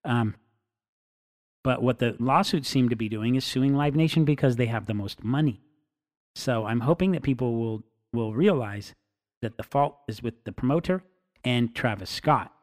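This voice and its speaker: A man talking in a casual monologue, rambling with restarts and acting out quotes in an animated way. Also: mid-range voice, normal speed.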